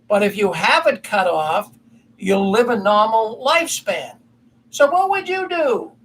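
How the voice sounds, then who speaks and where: A man's voice: sits high, sing-song, unhurried, a bit bright, poor audio. A man hosting a casual commentary show, telling a story in a rambling, folksy way and correcting himself as he goes. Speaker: commentary host.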